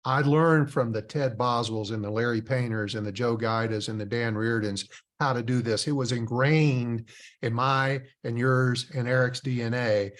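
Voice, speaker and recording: A man's voice: medium pitch, fairly even intonation, normal speed. Blunt, emphatic middle-aged male host. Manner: emphatic, blunt storytelling with mild profanity. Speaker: podcast host. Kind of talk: business podcast conversation.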